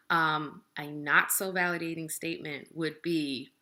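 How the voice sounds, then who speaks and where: A young adult woman with a low-pitched voice that still has a bright, forceful edge. She explains a relationship topic in a calm, plain-spoken way, like a casual lesson to the camera. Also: moderate pace, hardly any pauses. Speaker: relationship educator.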